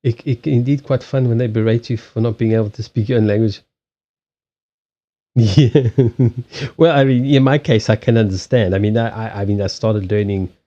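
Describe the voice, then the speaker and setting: A man's voice: lowish voice, moderate pace, dark tone. Rambling Southern African-accented man, muffled audio. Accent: Southern African English. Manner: rambling, frequent restarts, laughs often, blunt and sweary. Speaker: livestream host doing card readings. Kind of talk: casual chat with live chat viewers.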